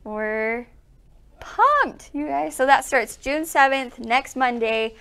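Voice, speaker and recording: A woman's voice: sits high, animated, slow, vocal fry, sharp tone, clear, resonant tone. A young woman co-hosting a quilt shop livestream, bubbly and gushing, laughing often as she chats. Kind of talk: casual livestream chat.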